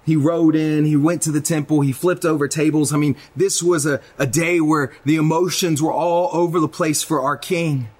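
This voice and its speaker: A man preaching a sermon to viewers online, in a dramatic delivery that swings between loud urgency and a hushed voice. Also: on the high side, steady tone, normal speed, few pauses, husky. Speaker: pastor.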